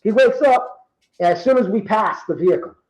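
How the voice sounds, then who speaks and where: A man in his fifties from Rhode Island, telling true stories in casual talk and acting out the quoted dialogue with lively energy. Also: sits high, fast talker, echoey room, rough recording. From Rhode Island, USA. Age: 50s. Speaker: guest. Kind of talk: casual storytelling.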